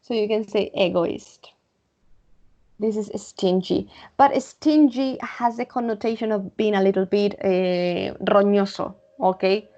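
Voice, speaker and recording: A woman from Spain with a Spanish accent, teaching English vocabulary online, repeating words slowly and checking in with "okay?". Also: medium pitch, fairly even intonation, mellow, muffled recording. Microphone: computer mic.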